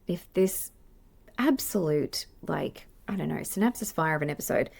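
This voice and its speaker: A woman's voice: fairly low pitch, expressive, normal speed, creaky, a little mellow. An Australian woman, a play therapist, hosting her podcast and teaching in a chatty, self-deprecating way with many fillers and restarts. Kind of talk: casual teaching monologue.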